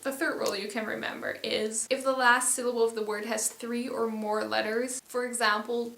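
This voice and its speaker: A woman's voice: fairly high pitch, fairly even intonation, normal speed, creaky, fairly bright tone. A woman whose first language is Dutch, giving a casual video lesson and explaining rules step by step. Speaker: language teacher. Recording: echoey room.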